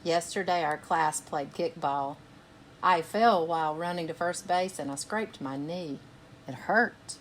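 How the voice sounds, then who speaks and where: A woman reading a picture book aloud for children's storytime, pausing to ask her young listeners gentle questions. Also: sits low, slight background noise. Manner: gentle, asks listeners questions between passages.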